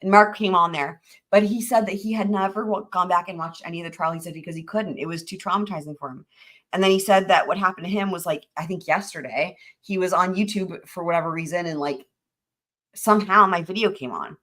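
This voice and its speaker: A woman's voice: on the low side, a little fast, a bit bright. A young woman, hosting a trial recap channel and telling viewers a story in a chatty, gushing way, full of fillers and restarts.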